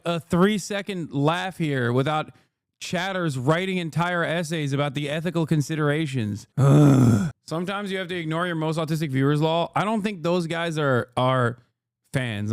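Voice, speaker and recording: A man's voice: fairly high pitch, normal speed, clear, resonant tone, dry recording, studio quality. A man in his thirties streaming live, reacting to clips and arguing with his chat in a profane, sarcastic, combative way. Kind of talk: livestream reaction commentary.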